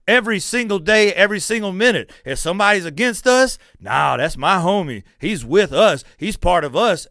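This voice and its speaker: A man's voice: sits high, smooth, dry recording, studio quality. Heated, foul-mouthed man ranting about football. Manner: loud, heated, swearing freely, mocking. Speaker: podcast host. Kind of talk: profane sports rant.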